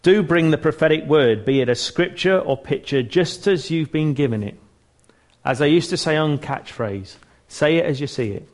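A man's voice: fairly high pitch, animated, moderate pace. A man giving an informal church teaching talk, earnest and chatty, restarting phrases and joking at his own expense. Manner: chatty and earnest, with frequent restarts and self-mocking humour.

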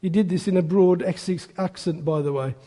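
A man's voice: sits high, a little fast, warm tone, in a large hall. A man preaching a sermon, telling a story with chatty asides.

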